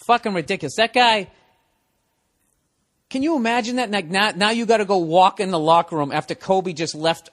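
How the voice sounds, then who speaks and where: Podcast host, man, higher-pitched voice, sarcastic profane rant. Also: a bit bright. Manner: profane, sarcastic ranting with mocking put-on quotes. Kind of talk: ranting monologue.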